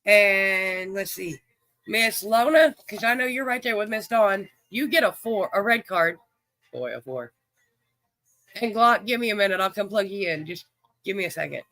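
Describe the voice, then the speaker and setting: A man's voice: sits high, moderate pace, bright, forceful tone, dry recording. A man hosting a livestream game, chatting in a folksy way and greeting viewers by name. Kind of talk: casual livestream chat, reading viewers' names.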